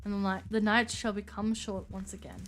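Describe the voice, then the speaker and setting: A woman voicing a gracious elder vampire patron who speaks formally and in a measured way. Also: mid-range voice, flat delivery, fairly bright tone, slight background noise, lightly acted.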